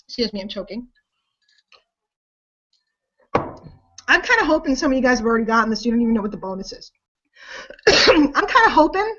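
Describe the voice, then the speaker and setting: A woman's voice: high voice, fairly bright tone, muffled recording. A middle-aged woman hosting a casual sales webinar, talking in a chatty, rambling, self-deprecating way. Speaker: webinar host.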